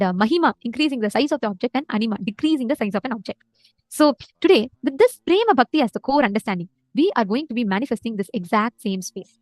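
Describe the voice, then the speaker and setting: A woman giving a spiritual discourse, retelling a story earnestly with frequent pauses. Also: on the high side, no echo. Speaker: spiritual teacher.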